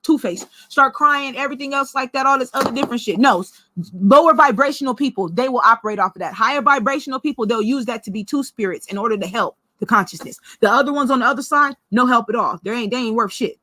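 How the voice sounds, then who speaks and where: A woman vlogger telling a personal story in a blunt, profane, animated way. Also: fairly high pitch, fast, no echo.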